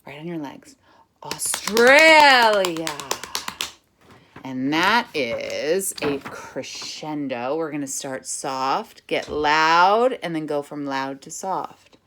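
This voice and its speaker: A woman music teacher reading a picture book aloud to children, chanting words in a steady rhythm and giving patient, step-by-step instructions. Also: sits low, slow pace, hardly any pauses, a little hiss or hum.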